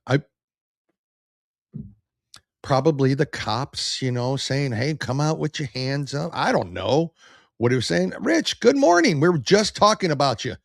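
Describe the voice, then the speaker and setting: Gravelly guy hosting a podcast, blunt opinions, voice swings up and down a lot. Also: mid-range voice, no echo, studio quality. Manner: blunt, opinionated, reads viewer comments aloud. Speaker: podcast host. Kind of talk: casual political commentary.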